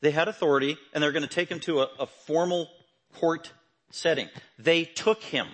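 Husky-voiced man preaching emphatically. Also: fairly high pitch, normal speed. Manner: emphatic, building to loud forceful proclamations. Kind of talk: sermon.

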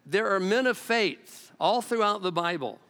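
Animated preacher in a reverberant hall. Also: male voice, sits high, unhurried, clean tone. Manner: animated storytelling, acting out quotes in varied voices. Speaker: pastor. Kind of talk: sermon.

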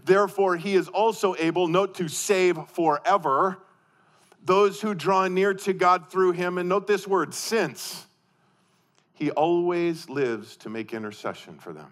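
A man preaching a sermon, asking rhetorical questions and swinging from forceful emphasis to hushed intensity, often repeating and restarting his phrases. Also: high-pitched, measured pace. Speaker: pastor.

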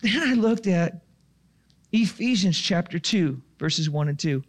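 A man's voice: high-pitched, animated, a little slow. A man preaching a sermon, asking the listeners questions and then answering them himself. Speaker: pastor.

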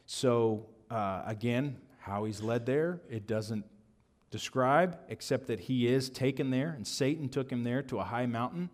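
A man preaching an expository sermon, thoughtful and halting, with frequent fillers and restarts. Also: mid-range voice. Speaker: pastor.

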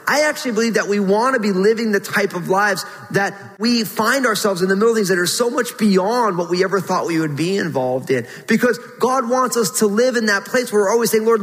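A pastor gives an earnest sermon in a high, ringing voice. His tone rises into pleading whenever he voices a prayer. The sound carries a long reverb, as if recorded in a large hall. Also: fairly bright tone. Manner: earnest preaching, rising to a pleading pitch when voicing prayers.

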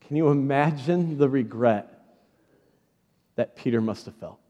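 A man's voice: mid-range voice, unhurried, warm tone. Man preaching in a big reverberant church. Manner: dramatic storytelling, acting out quoted voices. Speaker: pastor. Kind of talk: sermon. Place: church sanctuary. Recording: large hall reverb.

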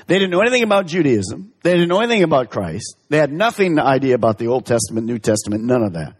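A man preaching a sermon as pastor, stressing words with drawn-out emphasis. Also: very animated, breathy edge. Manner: emphatic, drawn-out stresses with big pitch swings. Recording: reverberant hall.

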